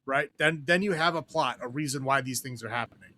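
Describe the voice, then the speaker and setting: A man co-hosting a podcast, chatting casually and ramblingly about movies and acting out characters in quick quotes. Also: mid-range voice, bright, forceful tone. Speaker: podcast co-host. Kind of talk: casual film review chat.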